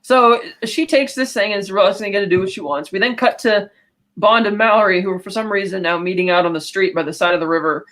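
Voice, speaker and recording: A woman co-hosting a podcast, casually recapping a film and quoting characters in quick asides. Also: medium pitch, a bit bright. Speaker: podcast co-host.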